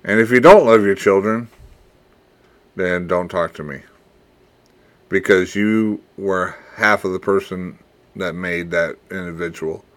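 A man hosts his own podcast in a deep, low register. He muses in an earnest, fatherly way, trailing off and repeating words as he gathers his thoughts. He takes his time over each phrase. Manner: reflective, rambling, with pauses and repeated words; earnest and fatherly, closing with blessings. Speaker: podcast host. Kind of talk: casual solo podcast monologue.

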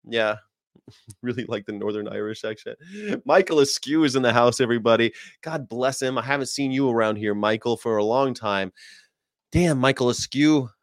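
An American man doing casual live-stream commentary, animated and jokey, putting on voices and laughing often. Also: medium pitch, moderate pace, dry recording, clean studio sound. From United States. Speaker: streamer reacting to a video.

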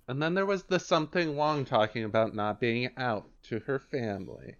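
Smooth-voiced man chatting casually. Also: mid-range voice, moderate pace, dull audio. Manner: chatty, filler-heavy, animated quoting. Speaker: podcast co-host. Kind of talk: casual chat.

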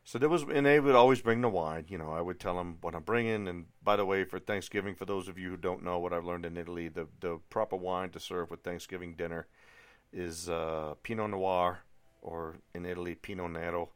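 Low-voiced chatty American man. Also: steady tone, fairly quick, smooth. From United States. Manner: chatty and digressive, enthusing with asides. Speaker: podcast host. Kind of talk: casual solo podcast monologue.

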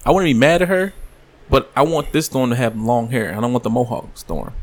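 A man's voice: medium pitch, expressive, fairly quick. A man hosting a casual group podcast chat, giving firm opinions and often trailing off and restarting. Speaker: podcast host.

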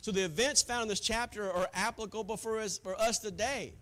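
Man, pastor, very high voice, preaching, hushed to shouting swings. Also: a little fast. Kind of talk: sermon.

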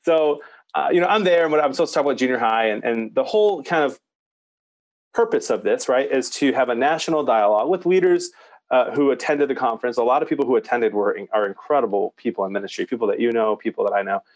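A young man co-hosting a podcast, telling stories about ministry in casual, animated chat. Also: mid-range voice, fast. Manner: storytelling, animated. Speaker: podcast co-host, youth minister.

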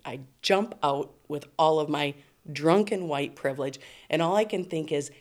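A woman's voice: low-pitched, moderate pace. A middle-aged woman telling a long personal story in casual chat. She laughs often, swears freely and acts out the people in it. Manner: acts out other people's voices in quotes. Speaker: storytelling guest.

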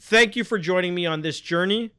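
Upbeat higher-voiced male podcast host. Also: fairly quick, sharp tone, clear, resonant tone. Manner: upbeat, scripted-sounding introduction. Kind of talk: podcast hosting and interviewing.

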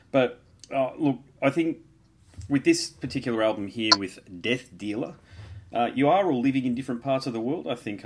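A man hosting an interview, talking casually with effusive, fan-like praise and some swearing. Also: on the low side. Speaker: interviewer host.

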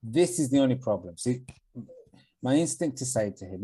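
A man with a mellow, warm tone co-hosting a casual podcast. He shifts between dry joking and sincere, thoughtful advice. His talk is relaxed and unscripted. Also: mid-range voice, normal speed, breathy edge, rough recording. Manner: joking, then earnest advice-giving. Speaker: podcast co-host.

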